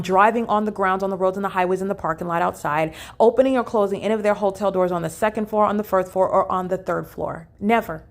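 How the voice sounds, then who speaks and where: A woman recording a solo vlog monologue in a hotel room, talking emphatically with many "uh" fillers and repeated phrases. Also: mid-range voice. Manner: emphatic and repetitive, with frequent fillers. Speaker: vlogger documenting her day. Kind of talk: solo spoken monologue to camera.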